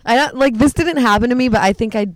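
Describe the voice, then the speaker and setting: A casual conversation partner who mostly reacts with short remarks and laughs, now and then telling a bit of their own. The voice sits at a middle pitch, recorded close and dry. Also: no room sound, low-quality recording. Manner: reactive, quick interjections, laughs along. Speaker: listener and co-host in chat. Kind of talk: casual chat.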